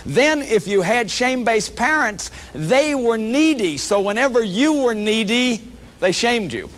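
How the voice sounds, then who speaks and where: A man's voice: very high voice, sing-song, unhurried, fairly bright tone. A man giving a public lecture as a workshop leader, earnest and emphatic, often repeating words as he restarts.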